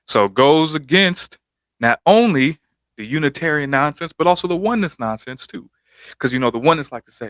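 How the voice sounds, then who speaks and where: A man's voice: on the high side, expressive, brisk, fairly bright tone, no room sound. A man hosting a reaction video, giving casual commentary over clips with emphatic, hyping interjections.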